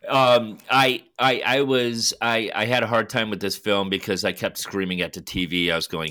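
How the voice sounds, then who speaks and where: A man's voice: lowish voice, fairly even intonation, moderate pace, few pauses, sharp tone. A man co-hosting a podcast, chatting casually and animatedly about a film, swearing freely and acting out scenes. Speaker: podcast co-host.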